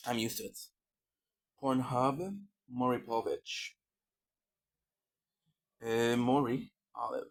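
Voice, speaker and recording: A man's voice: mid-range voice, a little slow, pauses often. A man streaming and chatting casually while he eats, joking and rambling with lots of fillers and murmurs of enjoyment. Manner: joking and rambling, with many fillers and food sounds.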